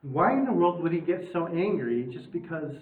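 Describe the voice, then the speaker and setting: A man leads a relaxed Bible class in a parish room, quizzing the group and cracking jokes as he explains. His voice sits a little high for a man. It comes through a thin, phone-like recording from across an echoing room. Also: normal speed. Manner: chatty and joking, asks the class questions. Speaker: Bible study teacher. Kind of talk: casual Bible class lecture. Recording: tinny, echoey room, mic far off.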